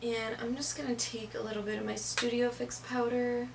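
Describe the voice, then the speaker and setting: Young woman doing a makeup tutorial, kinda gravelly voice, chatty, bit of hiss behind her. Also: on the high side, level tone, normal speed. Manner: chatty, step-by-step, fillers like "kinda, like". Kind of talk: casual makeup tutorial narration.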